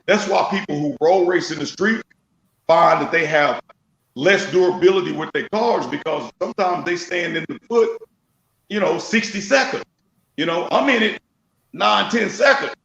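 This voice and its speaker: A man's voice: high voice, normal speed, creaky, reverberant, low-quality recording. A man, a guest drag racer telling stories with a laugh in a casual chat. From Memphis, Tennessee. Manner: animated storyteller, laughs often.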